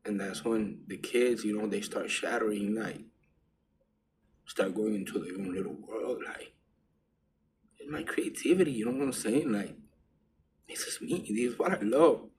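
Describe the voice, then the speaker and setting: A man casually telling a personal story in loose street slang, dropping to a hush and then rising with excitement. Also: fairly low pitch, moderate pace, slight background noise. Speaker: vlogger. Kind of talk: casual spiritual storytelling monologue.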